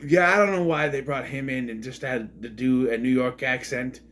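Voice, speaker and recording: A man's voice: mid-range voice, moderate pace, fairly bright tone. A man giving a rambling, blunt and sarcastic casual movie review.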